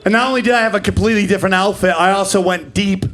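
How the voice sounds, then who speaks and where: A man in his forties doing live stand-up comedy, brash and profane, bursting into shouted voices. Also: sits high, racing, some chatter behind. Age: 40s. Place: comedy stage before a laughing audience.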